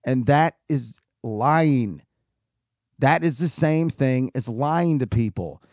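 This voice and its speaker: A young man tells a story in a rambling, self-mocking way, his voice rough and gravelly and his pitch rising and falling widely. He sits a little higher than most men. The recording is close and dry, with no room sound. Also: takes it slowly, no echo. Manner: animated, self-mocking, acts out quoted dialogue; rambling with frequent restarts and fillers. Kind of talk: casual monologue telling a personal story.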